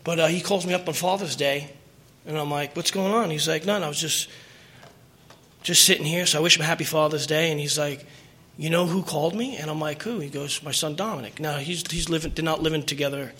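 A man's voice: a little high, fairly even intonation, brisk, pushed and bright, slightly rough. A middle-aged man telling his personal recovery story at a meeting, earnest and emotional, rambling with restarts.

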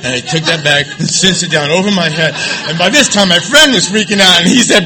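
A man sharing his own story of recovery with a live audience, confessional and self-mocking, swinging between hushed, quiet passages and loud laughing ones. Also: high voice, fairly quick, few pauses, crowd noise, background noise.

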